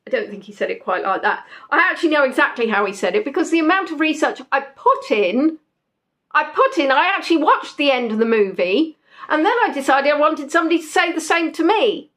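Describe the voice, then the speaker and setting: Quiz host: young woman, chatty and playful, voice sitting a little high. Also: sing-song, a little fast, fairly bright tone. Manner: chatty, reads out answers, jokes with players. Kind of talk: casual live quiz chat.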